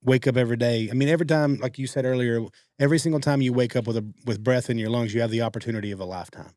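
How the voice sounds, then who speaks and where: Fast-talking man telling stories. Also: medium pitch, no echo, clean studio sound. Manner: fast-talking, animated quoting of others. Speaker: podcast co-host. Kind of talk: casual storytelling.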